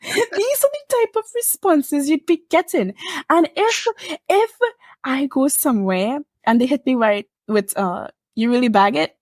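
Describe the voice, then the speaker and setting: A woman's voice: high voice, lively intonation, a little slow, darkish tone, no echo, studio quality. A woman co-hosting a podcast in casual chat, laughing often and playfully mimicking slang. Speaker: podcast co-host.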